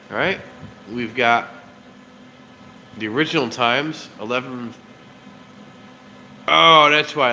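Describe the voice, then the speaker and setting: A man with a stuffy, nasal voice chats in a loose, rambling way, greeting viewers by name as he hosts a live stream. He speaks at a medium pitch into a phone held in his hand outdoors, and clear outdoor noise runs behind him. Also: pushed and bright, poor audio. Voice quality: nasal, congested. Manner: rambling, chatty, reads comments aloud. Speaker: live streamer, train-watching channel host. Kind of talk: casual live-stream chat. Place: outdoors by railroad tracks at night.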